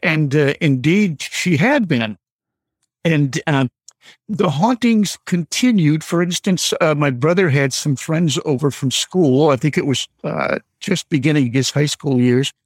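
A man in his seventies from Michigan, calling in and telling a personal story slowly and deliberately, with many pauses. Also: fairly high pitch, breathy edge, no echo. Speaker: caller telling a ghost story. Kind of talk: storytelling on a radio call.

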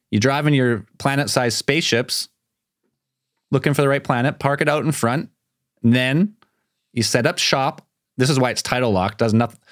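A man's voice: medium pitch, dry recording, studio quality. A man co-hosting a casual podcast, joking and spinning playful theories. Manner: playful, speculative, quick to joke. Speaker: podcast co-host.

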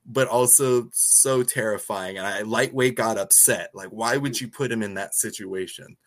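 A man co-hosting a podcast, giggling and reacting expressively while recapping a movie. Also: moderate pace. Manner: giggly, expressive, jumps up in pitch when reacting. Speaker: podcast co-host. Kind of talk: casual chat recapping a movie.

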